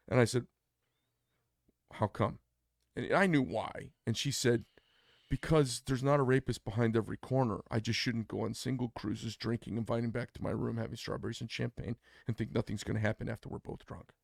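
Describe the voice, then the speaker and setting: A man's voice: medium pitch, steady tone, a little fast, gravelly, dry recording, studio quality. A man co-hosting a casual podcast, telling a personal story bluntly and acting out the quoted dialogue. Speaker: podcast co-host.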